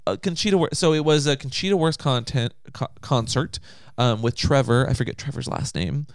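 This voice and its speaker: A man's voice: mid-range voice, a little fast, dry recording, clean studio sound. A man co-hosting a casual podcast, chatting in a playful, teasing way. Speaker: podcast co-host.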